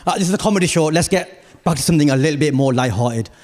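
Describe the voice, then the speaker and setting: A man doing stand-up on a big theatre stage, his voice sitting a touch high for a man. He tells long stories with punchy asides and now and then climbs into loud, shouted rants. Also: racing. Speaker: stand-up comedian. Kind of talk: stand-up comedy.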